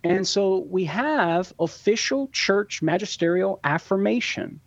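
A man explaining church teaching on a radio call-in show, measured and teacherly, laying out points step by step. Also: high-pitched, lively intonation, no room sound, muffled recording. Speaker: guest Catholic apologist answering questions.

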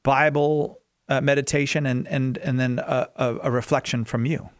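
A man's voice: medium pitch, flat delivery, normal speed, no room sound, studio quality. A man hosting a radio talk show, speaking conversationally and often restarting his phrases. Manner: conversational, repeats words when starting. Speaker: radio host.

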